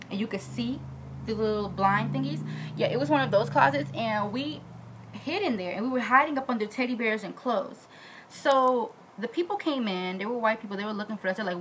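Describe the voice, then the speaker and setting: A woman vlogging in a casual, animated way, acting out the quoted voices in her story. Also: a little hiss or hum, poor audio. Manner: animated, acts out quotes with big pitch jumps.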